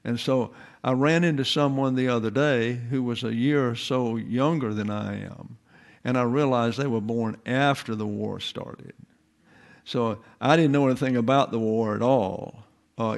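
A man in his eighties preaching, slow and deliberate, mixing doctrine with folksy asides and memories. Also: medium pitch, vocal fry. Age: 80s. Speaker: pastor. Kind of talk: sermon.

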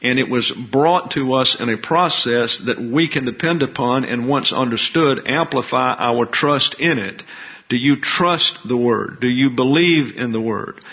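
A man who teaches a Bible class as pastor, explaining Greek terms slowly and deliberately. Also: medium pitch. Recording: dull lo-fi recording.

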